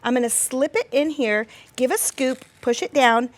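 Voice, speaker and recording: High-voiced gushing shopping-channel woman. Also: normal speed. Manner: gushing, chatty. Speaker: guest presenter. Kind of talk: home shopping demonstration.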